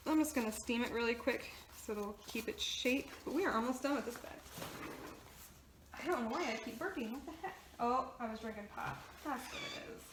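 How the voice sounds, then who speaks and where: A woman chats her way through a sewing project at home, rambling and joking at her own expense. Her voice sits slightly high. The echoey room carries noticeable background noise. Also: wildly swooping pitch, a little fast. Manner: rambling, chatty, self-deprecating. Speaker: sewing vlogger. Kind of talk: casual chat while sewing.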